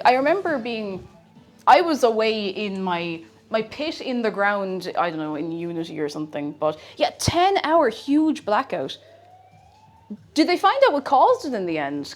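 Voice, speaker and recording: A young woman streamer chatting casually and rambling while she cooks, with frequent exclamations. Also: mid-range voice. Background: faint music.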